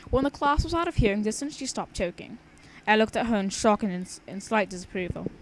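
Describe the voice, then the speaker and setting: Young woman, casual read-aloud, rambling, stumbles over words, mid-range pitch. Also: expressive, fairly quick, a little hiss or hum. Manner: chatty, rambling, stumbles and restarts. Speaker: story reader.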